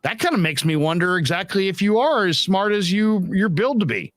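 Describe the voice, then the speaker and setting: A man's voice: a little fast, no room sound. A man hosting a casual post-game sports talk show, speaking bluntly and animatedly as he reads and riffs on viewer comments. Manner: animated and blunt, with emphatic pitch jumps.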